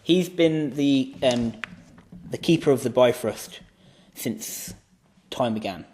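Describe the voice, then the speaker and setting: A man's voice: medium pitch, slow, a little mellow, slight background noise. A man improvising a fantasy story as co-host, rambling with many restarts and acting out the characters' lines. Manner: rambling, many restarts and "you know"s, acts out quotes.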